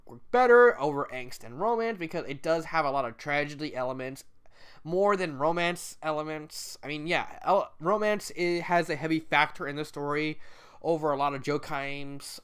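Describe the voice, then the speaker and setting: A man's voice: fairly high pitch, normal speed, fairly bright tone, clear, resonant tone. A man giving a casual, rambling spoken review of a story, emotional and tearful, with many restarts and fillers. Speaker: fan fiction reviewer.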